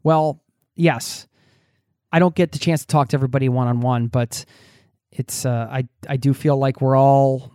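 A man talking through a podcast segment, earnest and encouraging, tripping over and repeating words as he goes. His voice sits at a middle pitch. The sound is dry and close, with no room echo. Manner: earnest, warm-hearted, many restarts and repeated words. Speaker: podcast host. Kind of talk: casual podcast monologue reading listener mail.

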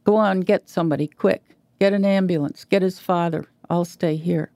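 A woman reading the lines of a gruff middle-aged male contractor who barks blunt commands. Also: fairly low pitch, steady tone, normal speed, mellow, dry recording, close to an everyday voice. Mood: gruff, shaken.

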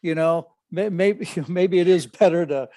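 An older man co-hosting a relaxed conversation, his speech broken by constant restarts and fillers. His voice sits a little high for a man. The sound is dry and close, with no room echo. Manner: halting, many restarts and fillers. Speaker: podcast co-host, father of the other host. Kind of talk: casual chat.

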